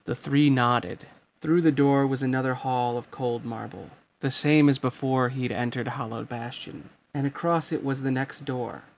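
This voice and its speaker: A man narrates a story with a gravelly, textured voice. His reading is steady and unhurried, moving between narration and characters. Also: mid-range voice, a little hiss or hum. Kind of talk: fan fiction reading.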